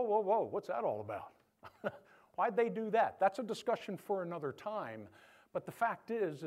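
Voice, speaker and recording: With a high, energetic voice swinging up and down, this male pastor gives an animated sermon. He jokes with the congregation and plays out the Bible characters while recounting their tales.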